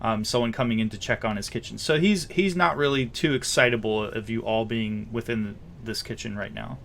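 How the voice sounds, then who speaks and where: A man narrating a tabletop game as game master, describing scenes with many pauses and fillers. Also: lowish voice, vocal fry, a bit bright, slight background noise.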